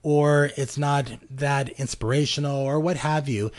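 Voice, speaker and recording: A man's voice: mid-range voice, steady tone, measured pace. A man with a mid-range voice hosts an advice podcast in an easy, conversational way. He fills his talk with ums and you-knows, and now and then acts out little exchanges to make his point. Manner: conversational, many fillers, acts out little dialogues. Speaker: podcast host. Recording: live program.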